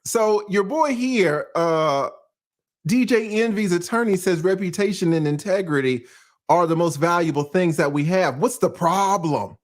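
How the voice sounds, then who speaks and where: A man's voice: high voice, a little slow. A man from Atlanta, hosting a casual, profane livestream commentary, often laughing. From Atlanta, USA. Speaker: YouTube commentary host.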